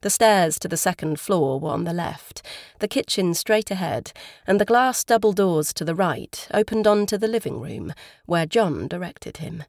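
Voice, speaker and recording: A woman narrating an audiobook in a calm, even storytelling manner, on a close studio mic. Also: lowish voice, normal speed, no room sound. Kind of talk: scripted narration.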